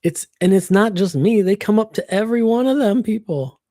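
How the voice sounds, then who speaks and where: A woman streaming from her computer, chatting casually and venting with frank, freely sworn complaints. Her voice is warm and mellow, picked up dry and close by a computer microphone. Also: mid-range voice, a little fast, no room sound. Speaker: livestreamer. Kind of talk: casual livestream chat.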